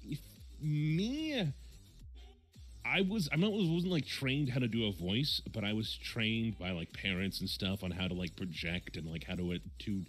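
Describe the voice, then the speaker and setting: A man's voice: lowish voice, a little slow, faint music behind. A man with a Midwestern American accent, hosting a casual chat stream and rambling with lots of fillers and self-corrections.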